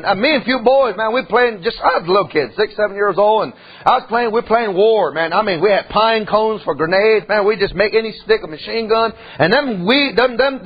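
A man preaching a sermon in a folksy, animated way, full of asides and questions to the congregation. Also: high voice, breathy edge, dull audio.

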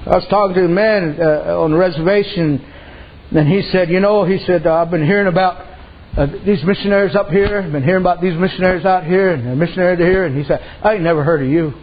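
A man's voice: sits high, fast talker. A man preaching a sermon, telling folksy stories and dropping repeated amens. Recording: dull lo-fi recording.

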